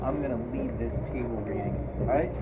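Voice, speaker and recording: A man's voice: medium pitch, a little fast. A man running a comic mock table reading, directing people in a mock-stern, bossy way. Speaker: haunt actor leading a mock audition. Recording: tinny, noisy phone-quality recording.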